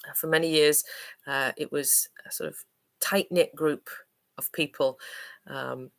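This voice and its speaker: A woman's voice: deep voice, fairly even intonation, measured pace, gravelly. A woman from Manchester, an English teacher, chatting on a livestream Q&A in a hesitant, friendly way with lots of ums and uhs. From Manchester, England.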